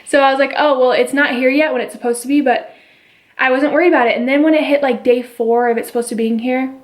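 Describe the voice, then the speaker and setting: A woman's voice: high voice, fairly even intonation, fast talker. A young woman vlogging at home, chatting casually as she retells a story and quotes the people in it. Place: at home with her baby.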